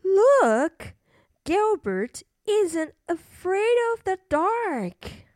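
A brisk, no-nonsense maid in a bedtime storybook, voiced by a woman. She scolds firmly in a high, slow voice. The recording is dry and close. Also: big pitch swings, a little mellow, dry recording, exaggerated voice. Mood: dismissive.

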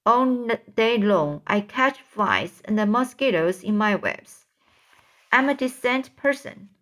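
A woman's voice: a little high, animated, slow pace, fairly bright tone. A woman voicing a gloomy female spider who feels wronged, in a mournful, sighing storybook reading.

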